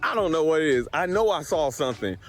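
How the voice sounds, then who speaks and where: A middle-aged man from Colorado, an appraiser telling a story to camera in a casual, animated way and laughing along as he goes. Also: fairly high pitch, fast talker, soft background music. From Colorado, USA. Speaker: real estate appraiser.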